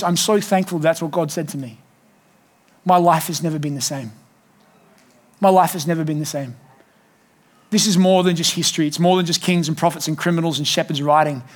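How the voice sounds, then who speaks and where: A man preaching a sermon in a church, emphatic and animated, with jokey asides. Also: fairly high pitch. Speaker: pastor.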